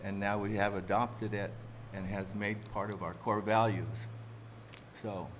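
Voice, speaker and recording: A man giving a reflective, unhurried talk to a community workshop audience. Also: fairly low pitch, little pitch movement, slight background noise, poor audio. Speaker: workshop speaker.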